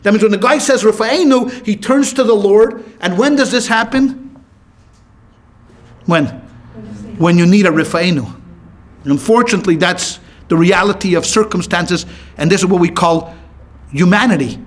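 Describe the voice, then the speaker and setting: Man, rabbi lecturing a class, high-pitched voice, animated, asks and answers his own questions. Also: moderate pace, long pauses. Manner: lively, asks questions and answers them himself, tells anecdotes with voiced quotes.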